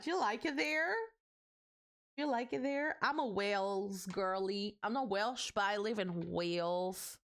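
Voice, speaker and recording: A woman's voice: medium pitch, a little slow, clear, resonant tone. Chatty Portuguese woman streaming. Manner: chatty, animated, reacts to chat. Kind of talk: casual live-stream chat while building.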